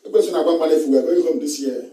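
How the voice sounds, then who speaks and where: With a quick pace and a dark tone on the higher side, a Nigerian-accented man gives a live political monologue, emphatically repeating himself and chuckling between lines. The microphone sits at a distance, giving a roomy sound.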